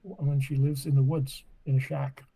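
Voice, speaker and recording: Casually talking as a podcast guest, a Nova Scotia man in his eighties tells long, wandering tales. At normal speed and a level tone, his medium-pitched voice sounds creaky, mellow and husky, and the recording is low quality.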